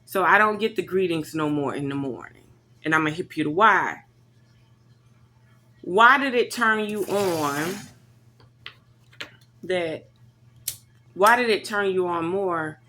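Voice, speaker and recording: A woman telling a story to her camera in a blunt, profane, animated rant. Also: lowish voice, slow pace, long pauses, slight background noise. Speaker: vlogger.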